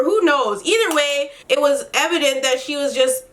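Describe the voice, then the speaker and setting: A woman's voice: sits high, moderate pace, few pauses, a bit bright. A woman recapping a reality show episode in casual commentary, blunt and exasperated, swearing freely and retelling scenes in quoted dialogue.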